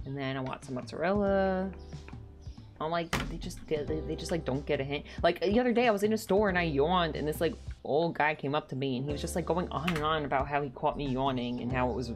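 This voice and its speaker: Low-voiced woman chatting rambly. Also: quick pace, over music. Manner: rambling, heavy use of "like"; gets heated when annoyed. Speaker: streamer. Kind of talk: casual chat while gaming. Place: at home.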